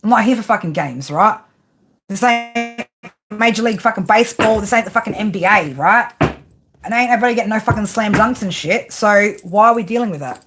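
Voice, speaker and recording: A woman's voice: medium pitch, brisk. Blunt, foul-mouthed woman. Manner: blunt, heavy swearing, frequent "right?". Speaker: tarot reader. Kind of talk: live tarot reading to viewers.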